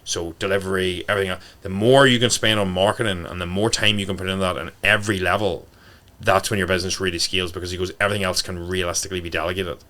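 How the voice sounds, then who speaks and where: A man's voice: deep voice, steady tone, fast talker, pushed and bright. A man, a fitness coach guesting on a podcast, talking bluntly and swearing freely. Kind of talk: casual podcast talk.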